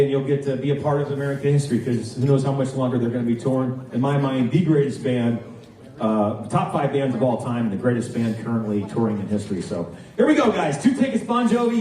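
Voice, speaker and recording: A man running a live charity auction, joking with the crowd and calling bids quickly. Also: medium pitch, mellow, a little hiss or hum. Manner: joking, chatty, rapid bid calling. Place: large banquet hall. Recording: very echoey, distant from mic.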